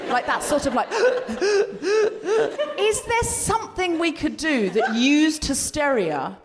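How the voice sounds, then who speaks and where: A woman hosting a live comedy podcast, playful and animated, sometimes shouting to lead the audience. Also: high-pitched, measured pace. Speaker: podcast host. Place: live venue, former courtroom. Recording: echoing hall, noisy live crowd.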